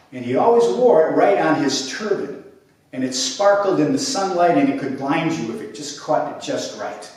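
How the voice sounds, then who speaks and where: Animated storytelling man in an echoey room. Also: a little high. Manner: expressive, playful, with sound effects and fillers. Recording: echoey room, mic at a distance.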